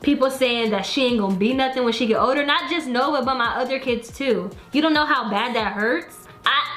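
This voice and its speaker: A woman's voice: high-pitched, a little fast, a bit bright. A young woman and mother talking earnestly on a casual vlog, defending herself and holding back tears. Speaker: YouTuber, mother of three. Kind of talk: emotional casual vlog talk. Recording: echoey room with faint music.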